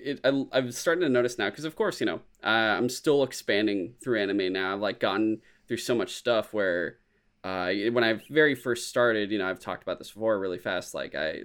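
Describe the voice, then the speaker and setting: A man chatting casually as a podcast co-host, excitable and full of swearing. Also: on the low side, moderate pace, smooth. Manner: excitable, profane, swears freely. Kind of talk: casual chat.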